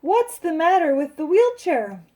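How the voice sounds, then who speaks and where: A woman's voice: very high voice, big pitch swings, measured pace, background noise, voice pushed up, full character voice. A woman reading a children's story aloud, voicing an emphatic, proud father. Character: father, a man, loud and proud.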